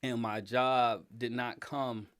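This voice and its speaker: A middle-aged man in a relaxed interview, speaking in an emphatic, animated way. His voice sits in an ordinary middle pitch, and he laughs easily and turns loud when riled up. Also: slow pace. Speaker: interview guest, father and design director. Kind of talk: casual conversational interview.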